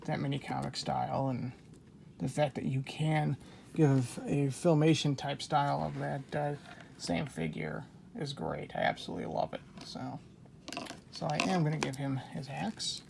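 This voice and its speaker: A gravelly, chatty man walks through a toy unboxing, excitable and muttering to himself as he goes. A steady hiss of background noise sits under his voice throughout the home recording. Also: fairly high pitch, moderate pace. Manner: chatty and excitable, talking to himself while opening boxes. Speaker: toy collector host. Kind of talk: casual unboxing commentary.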